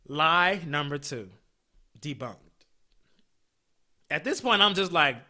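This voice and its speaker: A man hosting a podcast, telling a story in a blunt, profane, animated way. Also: sits high, unhurried, pauses often. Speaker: podcast host. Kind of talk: casual storytelling.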